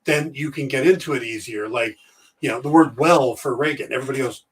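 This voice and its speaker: A man's voice: mid-range voice, fairly quick, far from the mic. A man co-hosting a casual podcast chat, cracking jokes and telling stories. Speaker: podcast co-host.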